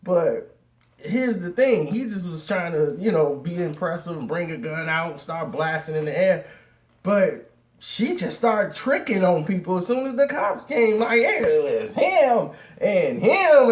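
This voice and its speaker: A man telling a street story with big swings in his voice, sitting fairly high for a man, and the sound bounces around a roomy space. He talks in slang, throws in laughs and acts out each person in the tale. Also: normal speed. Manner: lively, slangy, laughing asides, acts out every voice. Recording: roomy echo.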